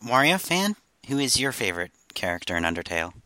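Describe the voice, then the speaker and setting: A man hosting a casual group chat, upbeat and quick to laugh. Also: medium pitch, very animated, sharp tone, no room sound. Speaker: podcast host.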